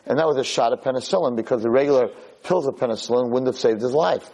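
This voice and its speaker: A man teaching a religious lesson through animated storytelling, acting out the people in his stories. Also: medium pitch, fast talker. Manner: animated storyteller, acts out characters. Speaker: Torah teacher. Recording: podcast audio.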